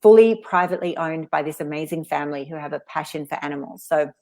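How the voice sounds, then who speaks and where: A woman's voice: low-pitched, a little mellow. A woman, hosting a casual interview and telling a story in a chatty way. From Australia. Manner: chatty, with fillers and quick asides. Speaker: host.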